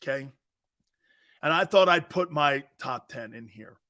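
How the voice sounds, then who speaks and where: Male sports talk host, bright high voice, unhurried, playful ribbing of callers. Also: lively intonation. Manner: teasing, joking, often laughing, responds to chat. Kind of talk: live sports talk show banter.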